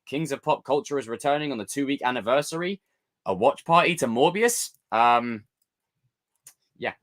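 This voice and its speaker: Lively joking male streamer. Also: medium pitch, moderate pace. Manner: animated, jokey, talks to chat. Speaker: live stream host. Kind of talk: casual live stream chat.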